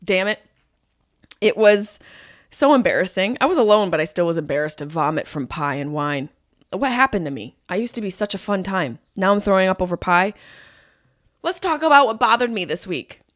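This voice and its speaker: A woman in her thirties hosting a podcast, riffing through a profane, animated comedic monologue. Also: mid-range voice, normal speed, dry recording, studio quality. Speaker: podcast host.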